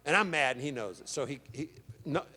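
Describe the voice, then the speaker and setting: A man of middle pitch tells a story to a fan-convention crowd in an easy, conversational way. He drops into a brighter, higher voice to act out the lines of the people in his story, then settles back into plain talk. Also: fairly quick, a little hiss or hum. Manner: lively storyteller, acts out dialogue with rising pitch; casual, chatty, mild swearing. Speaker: guest actor at a fan convention panel. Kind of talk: stage anecdote to an audience. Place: convention stage.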